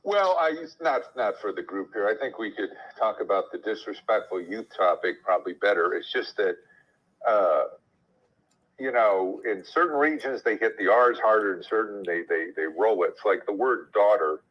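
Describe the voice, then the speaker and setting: A man's voice: fairly low pitch, animated, normal speed, lo-fi sound. A man who works as an actor, talking thoughtfully and explaining at length in a casual chat. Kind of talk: casual chat in an audio room.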